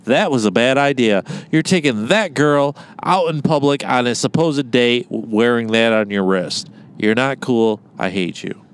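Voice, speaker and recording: A man's voice: medium pitch, unhurried, clear, resonant tone. A man from Michigan co-hosting a podcast, ranting in a mock-outraged, profane way during casual banter. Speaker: podcast co-host.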